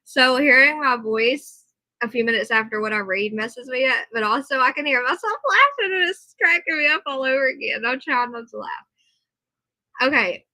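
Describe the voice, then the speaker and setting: A woman streams from her computer at home, reading a report aloud and breaking off into lively chatter with her viewers. Her voice sits a little high and sounds crisp and bright. The sound is close and dry, with no room echo. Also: moderate pace. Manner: chatty, animated asides while reading. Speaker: live streamer. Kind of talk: reading a news report aloud, then casual chat with viewers. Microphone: computer mic, earbud in for monitoring.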